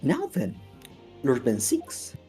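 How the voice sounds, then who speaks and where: A woman's voice: rumbling low, huge pitch swings, slow, mellow, faint music behind, pitched below the performer's own voice, full character voice. A woman voicing a stern, pompous elderly male judge in a fan dub, with formal speech and theatrical outbursts.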